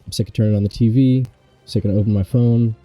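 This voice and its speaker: Low-voiced male host, mock-serious rambling newscaster with crude asides, dry recording. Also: steady tone, fast talker, mellow, dry recording, soft background music. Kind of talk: comedic mock news commentary.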